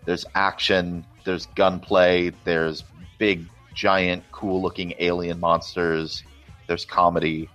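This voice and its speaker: A man's voice: deep voice, little pitch movement, slow, a bit bright, highs cut off, faint music behind. A man co-hosting a casual movie podcast, talking enthusiastically and rambling with restarts. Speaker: co-host.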